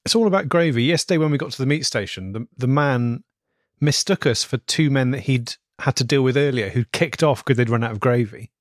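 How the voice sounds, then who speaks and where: A man's voice: medium pitch, a little fast, no room sound, clean studio sound. A man on a comedy podcast, telling a story playfully in casual chat.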